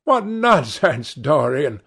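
A man voicing a brusque, blustering upper-class hunting gentleman in a storybook reading. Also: fairly high pitch, big pitch swings, slow pace, gravelly, husky, full character voice.

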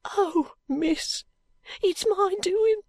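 A woman reading an audiobook, voicing a devoted young girl maid in a high, pleading, tremulous voice. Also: very slow, darkish tone, dry recording, studio quality, full character voice. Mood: tearful.

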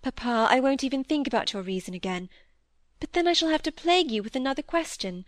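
A woman reading the part of a curious, lively teenage girl who coaxes and pleads with her father. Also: high voice, fast talker, no echo, studio quality. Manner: coaxing, pleading, inquisitive. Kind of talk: audiobook dialogue reading.

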